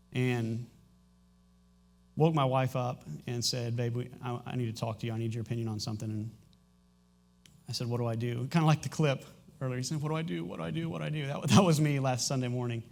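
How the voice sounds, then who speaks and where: A middle-aged man, a pastor, speaking candidly to his congregation in a church, halting and emotional, with frequent restarts. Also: medium pitch, darkish tone. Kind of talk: sermon announcements and personal testimony. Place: church sanctuary.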